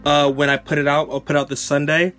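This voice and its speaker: A man hosts a podcast interview, speaking in an earnest, conversational way. His voice sits a little higher than most men's. Faint music plays behind him. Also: flat delivery, quick pace, fairly bright tone. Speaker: podcast host. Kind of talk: casual interview.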